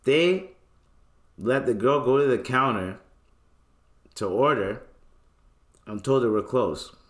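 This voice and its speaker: A young man with a Toronto accent, hosting a podcast, ranting in a casual, profane storytelling style with sudden loud outbursts. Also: mid-range voice, slow. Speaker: podcast host.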